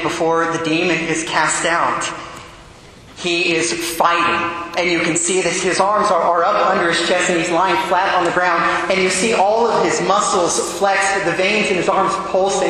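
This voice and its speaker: A man's voice: high voice, sharp tone, a little hiss or hum. A man, a priest, preaching a sermon and telling vivid stories, acting out the voices in them. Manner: vivid storyteller, acts out quotes. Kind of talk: sermon with storytelling. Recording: echoey church hall with long reverb.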